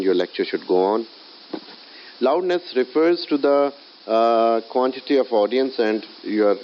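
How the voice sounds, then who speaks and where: A man teaching English in a recorded lecture, often pausing with filler sounds as he explains. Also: medium pitch. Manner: hesitant, many filler sounds. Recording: dull lo-fi audio with faint hiss.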